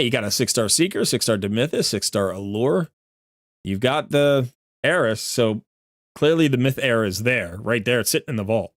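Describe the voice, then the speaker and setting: A man's voice: medium pitch, dry recording, studio quality. A man giving chatty, rambling live-stream commentary as he looks through a viewer's game account, often correcting himself.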